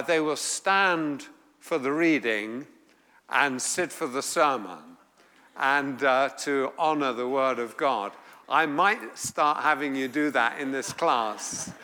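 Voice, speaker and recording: A man with an English accent, from England, teaching a Bible class, reading scripture aloud and explaining it in a deliberate way. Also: medium pitch, sharp tone, smooth, long reverb tail.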